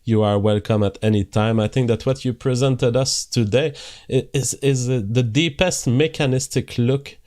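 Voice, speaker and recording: A man hosting a livestream, reading viewer messages aloud and explaining at length in a measured way. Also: medium pitch, steady tone, darkish tone. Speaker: host.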